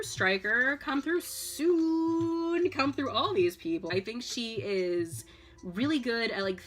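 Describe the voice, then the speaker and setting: Tipsy woman rambling with excited squeals. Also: medium pitch. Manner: rambling, lots of "like" and "um", bursts of loud excited squeals. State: slightly tipsy. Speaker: vlogger. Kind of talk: casual tipsy chat about a video game.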